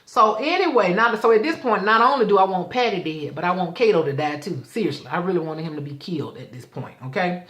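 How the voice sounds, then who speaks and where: A woman, casually recapping a TV episode in animated storytelling and acting out the characters' lines. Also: fairly low pitch, fast talker, few pauses, echoey room. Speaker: show host reviewing a TV episode.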